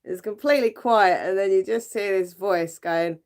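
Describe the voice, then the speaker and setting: A British woman hosts a relaxed livestream and chats away to her viewers. She giggles often and fills her talk with lots of little fillers. Her voice sits at a mid pitch. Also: normal speed. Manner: chatty and giggly, with frequent fillers. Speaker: livestream host. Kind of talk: casual live chat with viewers.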